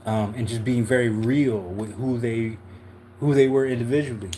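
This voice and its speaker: A relaxed man from Philadelphia talks his way through a tarot spread on a livestream, slangy and unhurried. His voice sits at an ordinary middle pitch. A faint hum runs under the recording. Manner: laid-back, slangy, often asks "you know what I'm saying". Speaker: tarot reader, livestream host. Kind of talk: casual livestream tarot reading.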